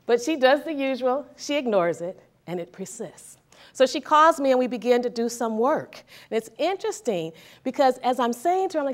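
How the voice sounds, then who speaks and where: A woman with a slightly higher voice gives a motivational talk to a morning seminar audience. She speaks conversationally and keeps checking in with the crowd by asking them questions. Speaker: therapist and speaker.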